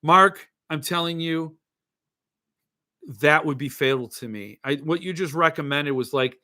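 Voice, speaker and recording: A man's voice: on the high side, measured pace, pushed and bright. A middle-aged man hosting a podcast, chatting casually in a rambling, jokey, self-mocking way. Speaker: podcast host. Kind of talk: casual chat.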